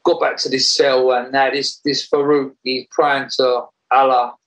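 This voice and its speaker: Gravelly man telling a story. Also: medium pitch, measured pace, poor audio. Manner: animated, laughs while telling, rambling restarts. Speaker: interview guest. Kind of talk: casual storytelling in an interview.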